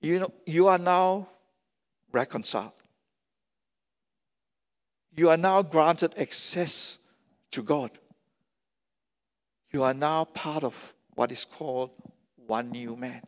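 A man's voice: a little high, takes it slowly, pauses often. A man preaching a sermon as pastor, emphatic and repeating key phrases for stress, recorded in a large church hall. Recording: long reverb of a large hall.

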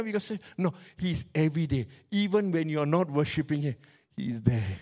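A middle-aged man preaching with a notably high-pitched voice. He talks to the congregation in a lively, chatty way, cracking jokes and acting out sounds as he goes. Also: normal speed. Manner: animated, conversational preaching with humor and sound effects. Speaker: pastor. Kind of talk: sermon.

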